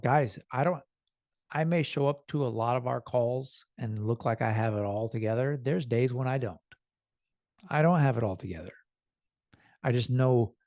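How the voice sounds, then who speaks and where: A man's voice: medium pitch, dry recording, studio quality. A man talking to the camera in a casual motivational vlog, telling a story earnestly and acting out the people in it. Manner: earnest, animated storytelling with quoted voices. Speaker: self-improvement vlogger.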